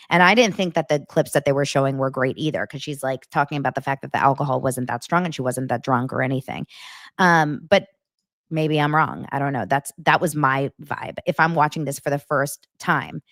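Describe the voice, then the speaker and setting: A woman's voice: very deep voice, moderate pace, fairly bright tone, no room sound, studio quality. A woman hosting a casual commentary vlog, talking frankly and chattily with frequent asides. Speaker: host.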